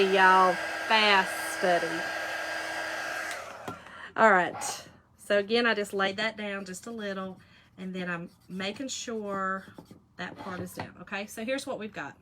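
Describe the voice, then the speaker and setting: A woman's voice: medium pitch, noisy background. Chatty woman doing a craft demo. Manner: chatty, folksy, teasing asides to viewers. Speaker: craft live-stream host. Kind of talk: casual crafting demo chat.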